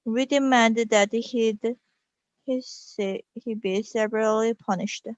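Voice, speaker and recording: Storybook: woman doing a haughty old queen, imperious, lifted pitch, dry and dull sound. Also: steady tone, slow, dry recording. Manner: imperious, demanding. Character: haughty old queen speaking through a boy.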